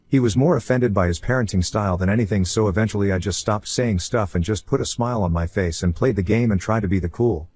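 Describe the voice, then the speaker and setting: A man with a fairly low, slightly mellow voice narrates a first-person online story aloud. He sounds casual and conversational, as if telling a friend what happened.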